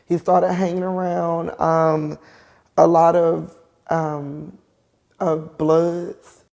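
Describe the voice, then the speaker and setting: A middle-aged woman, a show host, gives a personal testimony in an emotional, halting way, with pauses and restarts. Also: fairly low pitch, warm tone. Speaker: host telling her own story.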